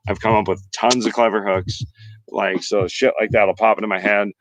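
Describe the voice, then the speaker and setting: A man's voice: lowish voice, flat delivery, normal speed, noisy background. A man hosting a casual livestream, rambling and boasting in a heavily profane way while he freestyle raps. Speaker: livestream host and freestyle rapper. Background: faint hip-hop beats.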